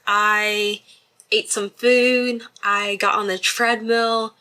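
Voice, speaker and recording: Bright-voiced chatty young woman vlogger. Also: mid-range voice, flat delivery, very slow. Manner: chatty, apologetic, self-deprecating. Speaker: beauty vlogger. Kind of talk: casual makeup tutorial chat. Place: bedroom.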